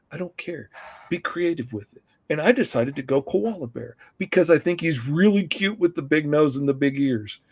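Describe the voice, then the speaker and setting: Enthusiastic rambling man co-hosting. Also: mid-range voice. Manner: enthusiastic, rambling, many fillers. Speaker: co-host. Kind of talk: casual live-stream chat.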